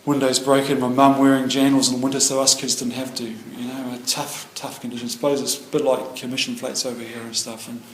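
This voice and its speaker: A middle-aged man with a New Zealand accent shares his personal story at a recovery meeting. He talks quickly in a slightly high voice, rambling along with many fillers and restarts. The room is echoey, with a faint hum of noise behind him. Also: level tone. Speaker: AA meeting speaker.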